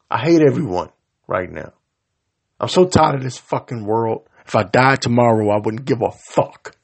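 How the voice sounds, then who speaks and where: A man delivering a profane, confrontational rant straight to his audience, swinging between loud outbursts and low mutters. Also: expressive, measured pace, vocal fry, slightly rough. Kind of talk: profane angry rant to camera.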